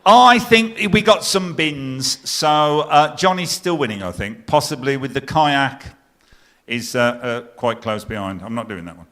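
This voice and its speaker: A middle-aged man comparing a stage competition, telling jokes with deadpan punchlines and teasing the live audience. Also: medium pitch, unhurried. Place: stage in a pier theatre before a live audience.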